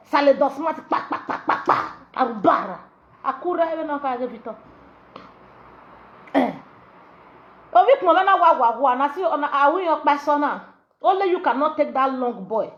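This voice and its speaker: A woman's voice: high-pitched, expressive, normal speed, long pauses, muffled recording. A woman with a Nigerian Pidgin accent hosting a gossip show, talking in a brash, mocking way and switching languages. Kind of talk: animated gossip commentary.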